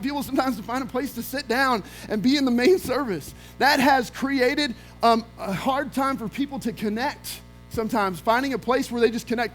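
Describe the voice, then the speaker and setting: Male pastor, very high voice, energetic storytelling sermon, faint music behind. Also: poor audio. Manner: energetic storytelling with acted-out quotes. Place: church sanctuary.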